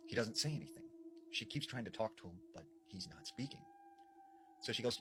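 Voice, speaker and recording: Lively man telling a scary story. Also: medium pitch, quick pace, a little hiss or hum, poor audio. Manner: animated, conversational with frequent fillers. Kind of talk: casual spoken scary storytelling.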